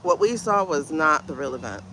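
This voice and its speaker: A woman hosting a spiritual livestream, talking in an emotional, halting way and often repeating herself. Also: low voice, animated, fairly bright tone, slight background noise. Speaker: livestream host, intuitive reader. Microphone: phone livestream.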